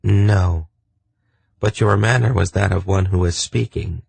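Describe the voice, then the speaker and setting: A man's voice: sits low, a little slow, gravelly, darkish tone, slightly rough, no echo, heavily acted. Man voicing a weary wounded she-wolf. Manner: humble, sighing, deferential. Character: wounded starving female wolf, weary and submissive.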